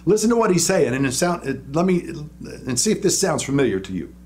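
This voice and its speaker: A man giving a casual Bible teaching with a lively voice that swings up and down in pitch. He talks conversationally, stops and restarts mid-sentence, and dramatizes the verses he quotes. A faint hum sits under the recording. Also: quick pace. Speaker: preacher.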